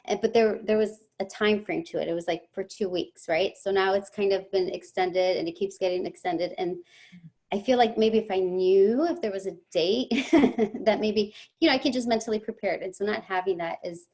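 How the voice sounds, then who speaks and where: A woman's voice: mid-range voice, moderate pace, a little mellow. A mother of teenagers speaking thoughtfully on a video call, with light laughs. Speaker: parent of teenagers. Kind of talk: casual chat on a video call.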